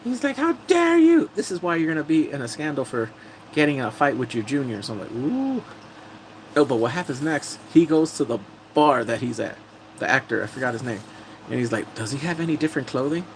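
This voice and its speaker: A man casually recapping TV drama episodes on a live stream, telling it with animated energy and acting out characters' lines. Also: medium pitch, fast talker, slight background noise, poor audio.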